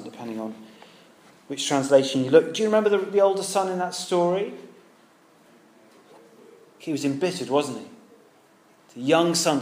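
A man's voice: fairly high pitch, slight background noise. A British man preaching a sermon in a conversational way, asking his listeners rhetorical questions. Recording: echoey room with faint ambience.

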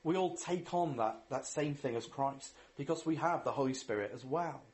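A man's voice: mid-range voice, normal speed, a little mellow. A man preaching a sermon in an earnest way, reading scripture, asking rhetorical questions and leading a prayer.

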